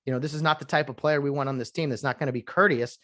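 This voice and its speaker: A man's voice: mid-range voice, fairly even intonation, rapid-fire, a bit bright, natural voice. A man playing a stern grown male football coach who scolds a player while reviewing film. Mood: scolding. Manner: scolding, demanding.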